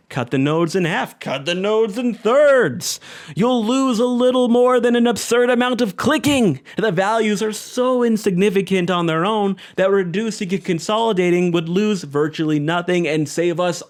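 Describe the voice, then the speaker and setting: A man narrating a scripted video essay critiquing a video game, exasperated and sarcastic, with sighs and dramatic pauses. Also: high-pitched, clear, resonant tone. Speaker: game commentator.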